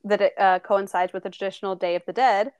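A woman's voice: mid-range voice, steady tone, a little mellow, smooth, dry recording. A young woman from the Southwest United States co-hosting a podcast in a casual, playful, giggly chat. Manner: giggly, playful, quick to joke. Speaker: podcast co-host.

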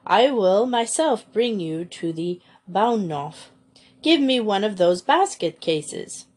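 A woman reading aloud voices a shaggy, eccentric older Austrian music master who talks in a booming, insistent way. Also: very animated, slow, heavily acted. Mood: hearty.

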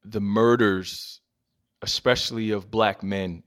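Male guest, advocate; intense, earnest delivery that leans on repetition; mid-pitched voice. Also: a little slow, a bit bright. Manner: earnest, emphatic, repeats phrases for stress. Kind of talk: impassioned personal storytelling.

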